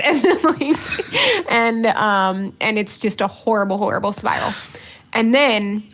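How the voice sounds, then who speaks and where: Earnest, self-mocking religious sister. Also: female voice, fairly high pitch, expressive, slow, a bit bright. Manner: earnest, self-mocking, breaks into laughter, many fillers. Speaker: religious sister, podcast co-host. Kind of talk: casual podcast conversation, personal story.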